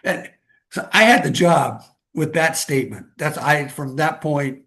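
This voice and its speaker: A man's voice: fairly high pitch, a little slow, creaky, fairly bright tone. A man from Southern California, a podcast guest telling earnest, rambling personal stories full of asides. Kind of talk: personal storytelling.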